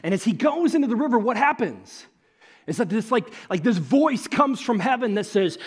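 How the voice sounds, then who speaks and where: A man preaching a sermon in an animated, conversational storytelling way, swinging between loud emphasis and hushed moments. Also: very high voice, a little fast, husky. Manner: conversational, with fillers like "like" and "okay".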